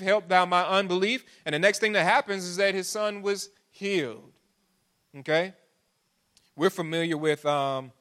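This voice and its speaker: A man's voice: mid-range voice, fairly bright tone. A man preaching a sermon as pastor, drawing listeners in with questions and building to pleading emphasis. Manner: preaching with rising, pleading intensity and call-and-response asides.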